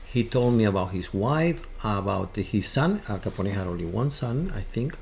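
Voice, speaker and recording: A man with a Spanish accent, a guest telling a halting, animated story in an interview. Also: fairly low pitch, creaky. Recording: faint background noise.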